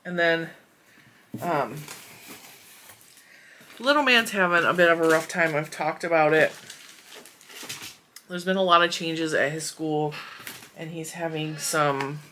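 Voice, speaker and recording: A woman's voice: low voice, unhurried, pauses often, bright, forceful tone, a little hiss or hum. A woman in her forties hosting a crochet channel, chatting casually and emotionally as she opens mail, with giggles and fillers. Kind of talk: casual chat unboxing mail.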